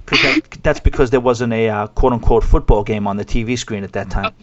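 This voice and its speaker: A man's voice: medium pitch, brisk, dull audio. A man with a New York accent hosting a podcast, chatting casually and self-deprecatingly with lots of restarts. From New York City, USA. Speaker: podcast host. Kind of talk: casual interview chat.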